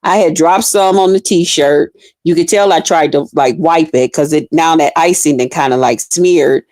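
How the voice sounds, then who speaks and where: A woman's voice: low voice, moderate pace, a little mellow, no room sound, clean studio sound. Blunt, profane woman telling a story. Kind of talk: casual storytelling.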